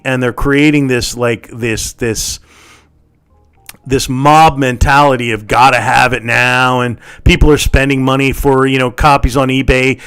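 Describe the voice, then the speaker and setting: Swearing man in a heated rant. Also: smooth. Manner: heated, swearing, repeats himself; swings from loud outbursts to low mutters. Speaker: channel host. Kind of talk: angry rant to camera.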